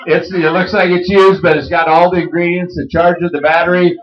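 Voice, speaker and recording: A man's voice: sits high, flat delivery, a little fast. A man hosting a student auction, introducing items and students with folksy, joking patter. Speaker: auction host and instructor. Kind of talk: emceeing a live auction. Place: auction hall, live audience. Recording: dull lo-fi sound.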